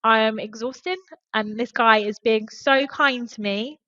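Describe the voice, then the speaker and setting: A woman's voice: fairly high pitch, steady tone, unhurried, bright, forceful tone, dry recording, lo-fi sound. A woman, a podcast guest and former HR specialist, telling an earnest and emotional story in casual conversation.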